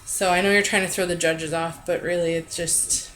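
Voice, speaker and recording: A woman co-hosting a casual recap chat in an easygoing, chatty way, quick to agree. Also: lowish voice, little pitch movement, a bit bright, slight background noise, rough recording. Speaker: podcast co-host.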